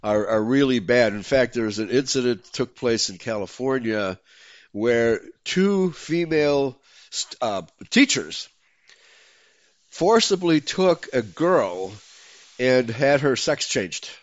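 A man hosting a talk show, speaking in an excitable, emphatic way and often breaking into laughter. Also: mid-range voice, slow pace, dry recording. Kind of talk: casual talk show conversation. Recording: dull lo-fi dry sound.

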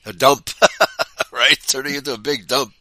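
A man co-hosting a talk show in casual, chatty conversation, chiming in with quick affirmations and chuckles. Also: medium pitch, fairly even intonation, sharp tone. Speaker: podcast co-host. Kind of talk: casual chat.

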